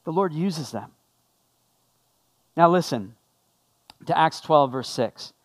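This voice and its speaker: A man's voice: a little high, expressive, takes it slowly. A man preaching a sermon as a pastor, talking conversationally and putting questions to the congregation.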